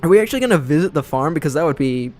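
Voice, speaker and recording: A young man talks through a game as a let's play host, casual and self-deprecating. His voice sits slightly high for a man, and his tone is relaxed and chatty. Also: racing. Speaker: gaming channel host.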